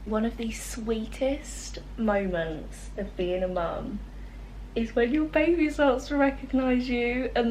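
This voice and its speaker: A young woman vlogging at home, talking gently and casually with plenty of fillers. Her voice sits a little high, and she sounds emotional and close to tears. A faint hum of the room is behind her. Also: slow. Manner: gentle, chatty, lots of fillers. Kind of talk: casual chat to camera. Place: home, indoors.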